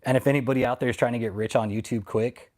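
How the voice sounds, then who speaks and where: A man's voice: medium pitch, fairly even intonation, fast talker, darkish tone. A man hosting a livestream, ranting at his critics and reading chat in a profane, mocking, confrontational way. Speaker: livestream host. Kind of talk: casual livestream rant.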